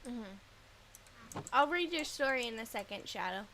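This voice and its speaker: A woman streamer in casual chat, chatty and quick to laugh, reading out viewer stories. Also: on the high side, animated, sharp tone, slight background noise.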